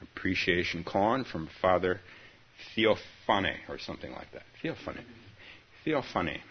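A man's voice: low voice, unhurried, a little hiss or hum. A man teaching as a Zen teacher in a dharma talk, hesitant with many ums and chuckling asides, and reading a story aloud with rising emphasis. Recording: dull lo-fi recording.

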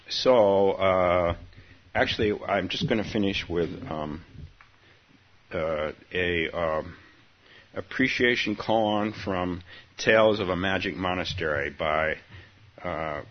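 A man teaching as a Zen teacher in a dharma talk, hesitant with many ums and chuckling asides, and reading a story aloud with rising emphasis. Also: deep voice. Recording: dull lo-fi recording.

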